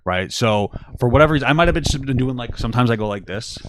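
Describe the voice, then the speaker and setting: A man's voice: medium pitch, lively intonation, fast talker. A man, co-hosting a casual podcast, full of crude jokes and laughter. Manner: crude joking banter, laughs often. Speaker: podcast co-host. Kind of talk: casual chat.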